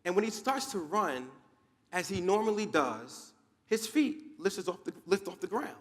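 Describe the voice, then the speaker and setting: Man giving a booming keynote. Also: very animated, normal speed, fairly bright tone. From Newark, New Jersey, USA. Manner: dramatic storytelling, emphatic repetition. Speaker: motivational speaker. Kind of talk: motivational keynote speech. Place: large conference hall. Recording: long hall reverb.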